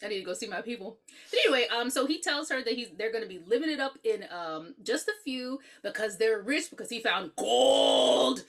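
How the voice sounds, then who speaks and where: Lively bright-voiced woman podcast host. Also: fairly high pitch, fast talker. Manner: animated, laughs often, profane. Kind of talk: casual movie review chat.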